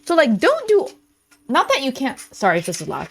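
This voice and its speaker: A young woman giving casual reaction commentary in a blunt, sarcastic, animated way. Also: high-pitched, fairly quick, creaky.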